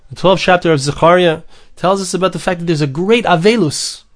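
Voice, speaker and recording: A man's voice: sits high, fairly quick. A man giving a Torah lecture, mixing in Hebrew and Aramaic phrases and repeating words for emphasis. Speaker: rabbi teaching Torah.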